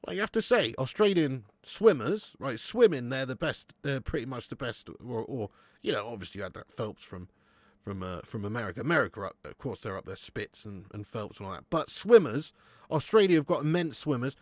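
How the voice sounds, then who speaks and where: A young man hosting a live football watch-along, chatting with viewers, laughing often and swearing freely when excited. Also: mid-range voice, fairly quick, dry recording. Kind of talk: live match commentary and chat with viewers.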